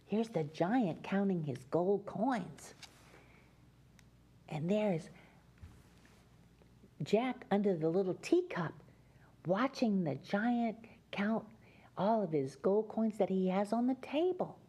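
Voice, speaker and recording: A woman hosting a children's show, reading a fairy tale aloud in a gentle, sing-song way and speaking to young children. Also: medium pitch, animated, slow pace, long pauses, breathy edge.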